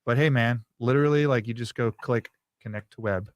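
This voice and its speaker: A man's voice: mid-range voice, brisk, no room sound, clean studio sound. A man chatting as a guest on a radio show, wry and playful with sarcastic jokes. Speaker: guest from a food site. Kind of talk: casual chat.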